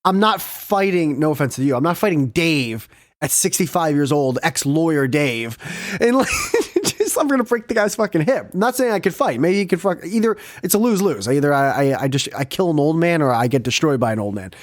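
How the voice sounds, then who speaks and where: A man hosting a podcast, telling a story in an animated, profane way and laughing often. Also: fairly high pitch, a little fast, no room sound, clean studio sound. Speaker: podcast host. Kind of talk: casual storytelling chat.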